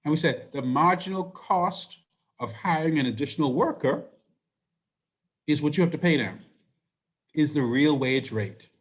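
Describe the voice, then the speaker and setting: Male economics instructor, hoarse from losing his voice, slightly high pitch, patient explainer. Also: expressive, moderate pace, long pauses. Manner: explanatory, asks rhetorical questions. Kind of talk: recorded lecture.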